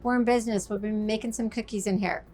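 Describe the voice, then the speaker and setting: A woman's voice: medium pitch, steady tone, fast talker, darkish tone, faint music behind. A woman presenting a walk-through tour inside a motorhome, upbeat and chatty like an enthusiastic salesperson. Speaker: RV sales expert giving a tour.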